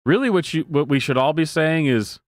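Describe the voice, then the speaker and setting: A man's voice: fairly high pitch, steady tone, normal speed, no room sound, clean studio sound. A man in his thirties streaming live, reacting to clips with sarcastic, mocking commentary and frequent laughter. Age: 30s.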